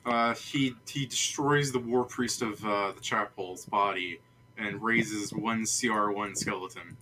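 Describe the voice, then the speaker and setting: A man's voice: fairly low pitch, steady tone, a little slow, sharp tone, slight background noise. A man running a tabletop game as game master, chatty and laughing often.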